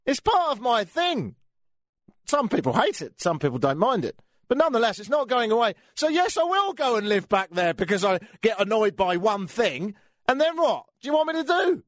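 A man's voice: high-pitched, big pitch swings, moderate pace, a bit bright, dry recording. An English man hosting a talk radio show, grumbling through a sardonic rant into a studio microphone. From England.

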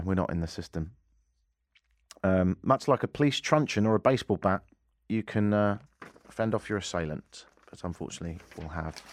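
A man with a Canadian accent hosting a talk radio show, mocking the news with dry humor. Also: on the low side. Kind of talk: sarcastic talk radio monologue. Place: radio studio.

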